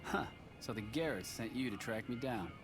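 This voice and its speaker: An actor playing a scornful outlaw gunslinger who talks in a sneering, terse way, heard as game audio. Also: male voice, mid-range voice, animated, moderate pace, close to an everyday voice. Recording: game audio with loud music.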